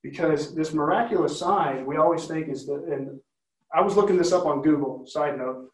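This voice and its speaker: A man's voice: a little high, normal speed, darkish tone. Man teaching scripture in a roomy space. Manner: conversational, asks the listeners questions often. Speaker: Bible teacher. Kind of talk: Bible study teaching. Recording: roomy, from a distance.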